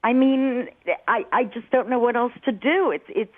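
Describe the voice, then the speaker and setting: A woman's voice: a little high, normal speed. Flustered woman caller on a tinny phone line. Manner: flustered, sheepish, animated when retelling. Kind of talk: phone-in chat on a radio show.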